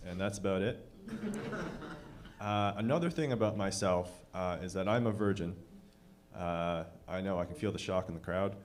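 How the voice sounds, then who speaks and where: A man's voice: fairly low pitch, darkish tone, a little hiss or hum. A young man doing self-deprecating stand-up, hesitant with many filler sounds. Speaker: stand-up comedian. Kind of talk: stand-up comedy. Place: comedy club stage.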